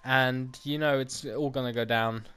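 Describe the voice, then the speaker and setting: Rambling young gamer. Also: male voice, medium pitch, fairly even intonation, measured pace, a bit bright, smooth. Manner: rambling, many "um"s, explains game mechanics. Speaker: gaming YouTuber. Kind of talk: casual let's play commentary.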